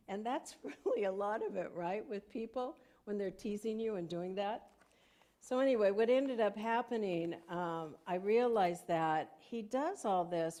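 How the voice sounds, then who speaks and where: A woman's voice: mid-range voice, measured pace, dark tone. An older woman minister giving a conversational sermon in a church sanctuary, telling stories and laughing often.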